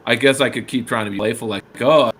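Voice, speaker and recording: A man casually telling a story on a podcast, animated and swearing, acting out the people he quotes. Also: medium pitch, very fast. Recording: faint background noise.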